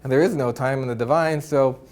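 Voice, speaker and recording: A man's voice: medium pitch, brisk, darkish tone. A man giving a spiritual talk to an audience, earnest and upbeat, often tagging his points with "right?" and breaking into chuckles. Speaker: spiritual teacher.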